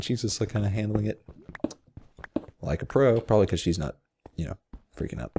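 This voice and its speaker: A man's voice: fairly low pitch, expressive, a little fast, creaky, pauses often, background noise. A man hosting a Minecraft video, telling a rambling story in casual chat while he plays, full of fillers and self-deprecating asides.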